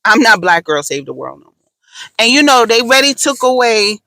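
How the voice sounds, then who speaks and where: A woman's voice: a little high, big pitch swings, normal speed, pushed and bright, no echo, low-quality recording. A woman hosting a podcast, talking in a casual, blunt and profane way, with emphatic storytelling. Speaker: podcast host.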